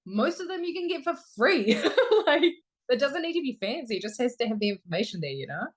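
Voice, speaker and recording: A woman's voice: sits high, very animated, a little fast, a loud crowd. A young woman from New Zealand, a voice actor, chatting casually in an interview and laughing often. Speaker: voice actor guest.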